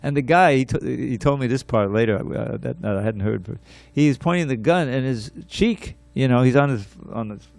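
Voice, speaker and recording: A man giving a scripture class, telling a story in an animated way, repeating words and restarting his sentences. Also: mid-range voice, moderate pace, creaky, hardly any pauses, no room sound.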